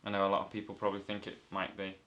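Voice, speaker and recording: A man's voice: deep voice, monotone, very fast, a bit bright, dull audio. A man from the north of England giving a rambling, playful comic movie review full of self-corrections.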